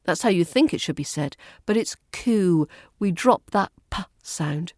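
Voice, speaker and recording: A woman with a Southern British RP accent teaching pronunciation, calm and precise, slowly modelling words for learners to repeat. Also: lowish voice, no echo, studio quality. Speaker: accent coach. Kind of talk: pronunciation lesson.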